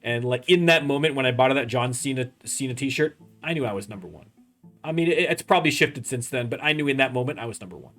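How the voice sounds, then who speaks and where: A man's voice: medium pitch, animated, fast talker, a bit bright, soft background music. A young Canadian man hosting a casual let's-play, rambling and joking as he plays. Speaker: gaming channel host.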